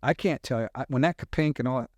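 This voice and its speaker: A middle-aged man, a podcast guest, telling animated hunting stories with sound effects in casual talk. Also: medium pitch, fast talker, dry recording, clean studio sound. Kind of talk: casual storytelling.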